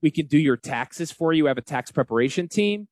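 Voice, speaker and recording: Brief: forties Northern US male radio host, animated and self-deprecating, slightly high voice, dry close sound. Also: brisk, no room sound. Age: 40s. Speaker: financial advisor radio host. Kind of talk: casual talk radio chat.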